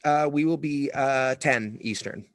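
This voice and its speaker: A man's voice: medium pitch, a little slow, dry recording, studio quality. A man, a musician and podcast guest, chatting casually and agreeing with short yeps. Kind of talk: casual chat.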